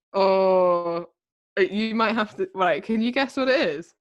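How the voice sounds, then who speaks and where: A woman's voice: on the high side, lively intonation, brisk, muffled recording. A young woman co-hosting a podcast, chatting casually in a giggly, self-conscious way. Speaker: podcast co-host. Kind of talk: casual chat.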